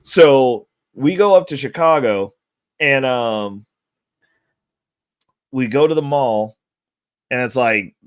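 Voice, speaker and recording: A man's voice: medium pitch, slow, long pauses, clean tone, no room sound, clean studio sound. Profane, laughing man telling stories. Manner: profane, laughing, animated storyteller. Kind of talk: casual storytelling chat.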